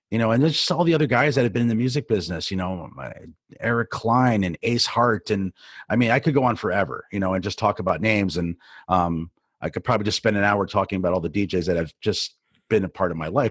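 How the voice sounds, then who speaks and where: A man's voice: lowish voice, dry recording. A middle-aged man from New Jersey, co-hosting a podcast and telling a rambling story full of fillers and restarts. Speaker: podcast co-host, DJ. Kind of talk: casual storytelling.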